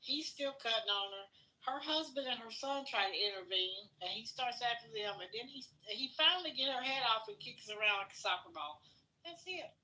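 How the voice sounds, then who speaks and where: A woman's voice: fairly high pitch, lively intonation, a little fast, sharp tone, low-quality recording. A woman on a podcast, bluntly retelling a news story with her own asides. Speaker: podcast co-host. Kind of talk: casual storytelling.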